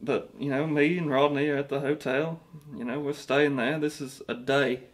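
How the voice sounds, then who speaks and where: In a mockumentary interview, a man plays a vain, self-pitying, washed-up rock singer with a British accent, rambling and boasting through many stumbling restarts. His natural voice is fairly high with fairly even intonation, at a moderate pace.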